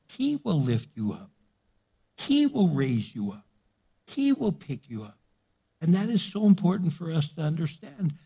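An older man preaching a sermon, lively and conversational, acting out little exchanges between people. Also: high voice, vocal fry, slightly rough. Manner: animated preaching with acted-out dialogue. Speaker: pastor.

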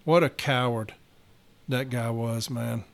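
A man's voice: medium pitch, steady tone, slow, vocal fry. A man, a union steward talking blunt and profane in a casual podcast monologue, getting fired up.

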